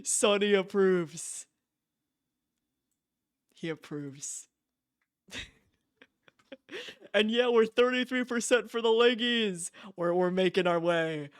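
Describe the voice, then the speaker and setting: Young man, excitable streamer, unhurried, dry close sound. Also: high-pitched, smooth, no room sound. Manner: excitable, gushing, repeats himself, laughs often. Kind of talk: casual live-stream chat.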